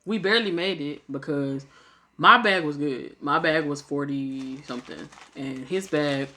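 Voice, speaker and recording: Young woman vlogger, low pitch, bright edge, animated delivery, salty casual storytelling. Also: measured pace. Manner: animated, swears freely, acts out quotes. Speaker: vlogger telling a travel story.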